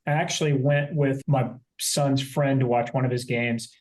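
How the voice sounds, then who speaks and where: A middle-aged man chatting on a podcast, joking playfully and quick to apologize. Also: medium pitch, steady tone, a little mellow. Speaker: podcast regular. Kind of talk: casual podcast chat.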